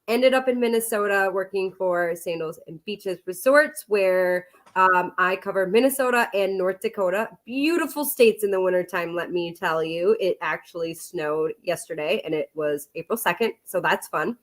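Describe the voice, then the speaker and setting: A woman's voice: fairly low pitch, normal speed, hardly any pauses. A woman from Wisconsin with an Upper Midwest accent, chatting cheerfully as a guest on a video call. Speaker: resort sales manager and podcast co-host. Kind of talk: casual chat as a guest.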